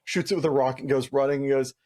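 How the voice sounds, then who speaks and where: A man's voice: medium pitch, steady tone, racing, darkish tone. A man co-hosting a podcast, casual and laid-back, swearing and laughing often. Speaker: podcast co-host. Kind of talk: casual chat.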